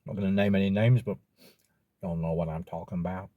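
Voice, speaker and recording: A man's voice: sits low, fairly even intonation, fast talker, no echo, narrow, tinny audio. A man with an Australian accent, casually rambling and swearing as he reviews takeaway food in a vlog.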